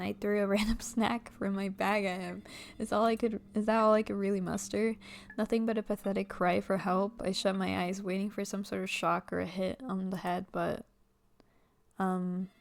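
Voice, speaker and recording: A young woman gamer reading a visual novel aloud, excitable and giggly, squealing and swearing as she reacts. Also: mid-range voice, normal speed, gravelly, slight background noise.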